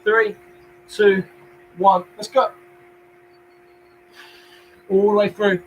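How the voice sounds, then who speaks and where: Heard through a muffled recording with a faint hum, a young, energetic London fitness instructor speaks very slowly as he coaches a home workout. His voice sits high for a man, and he counts reps, encourages his viewers and adds jokey remarks.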